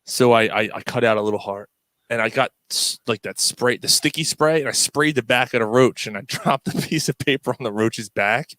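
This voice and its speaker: A man's voice: medium pitch, a little fast, no room sound. A man telling a rowdy story to friends, cursing and laughing often. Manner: profane, laughing, animated, acts out voices in quotes. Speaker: podcast co-host.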